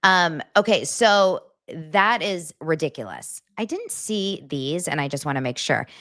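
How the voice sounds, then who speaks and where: A woman in her thirties hosting a casual livestream, chatty and animated as she reacts to chat comments. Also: deep voice, measured pace, dry recording, clean studio sound. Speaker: livestream host.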